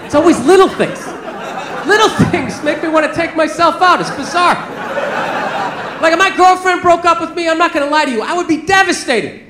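A man, from the American South, doing animated stand-up comedy with shouted punchlines on a club stage. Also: extremely high pitch, brisk. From Southern United States. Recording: echoey room, crowd laughter, noise. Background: audience laughter.

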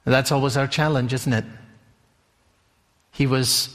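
A male preacher giving a sermon in a deliberate storytelling manner, often asking listeners questions. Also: medium pitch, steady tone, fairly bright tone. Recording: long hall reverb.

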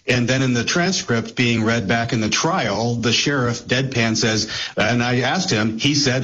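A man speaking as a guest analyst, measured and thoughtful, often pausing with hesitant fillers and restarting his sentences. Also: medium pitch, a bit bright. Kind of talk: analytical commentary on a talk show. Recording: dull, lo-fi audio.

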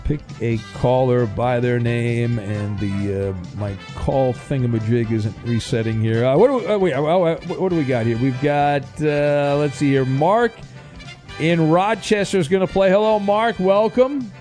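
A man hosting a call-in game show on his radio show, animated and jokey, stumbling over fillers. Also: medium pitch, moderate pace, faint music behind.

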